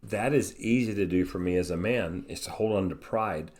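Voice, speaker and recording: A man's voice: deep voice, moderate pace, a little mellow. A middle-aged man co-hosting a mentoring podcast, talking earnestly and reflectively in a casual chat. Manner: earnest, reflective, addresses listeners as guys. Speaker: podcast co-host.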